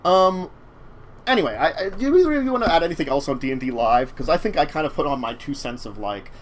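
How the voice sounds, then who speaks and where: A talk show host runs a casual chat show about tabletop games, rambling with many fillers and restarts. His fairly high voice has lively intonation and a quick pace, with slight background noise.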